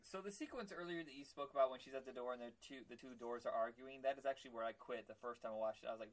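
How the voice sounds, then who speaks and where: A man's voice: mid-range voice, fast talker, few pauses. A man co-hosting a casual movie commentary, talking in an enthusiastic, joking and chatty way. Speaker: podcast co-host.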